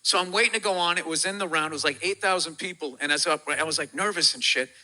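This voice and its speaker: A man from America telling stories as a comedian guest on a talk show, his voice pitched high for a man and strikingly bright and cutting. He swears freely and bursts into loud, animated impressions of the people in his stories. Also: fast talker. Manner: profane, animated, acts out quoted voices loudly.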